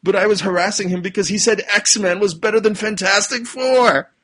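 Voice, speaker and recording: A man's voice: sits high, moderate pace, fairly bright tone, voice pushed up. A man voicing a sulky schoolyard bully who grudgingly owns up, in a whiny, slightly raised voice. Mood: sulky admission.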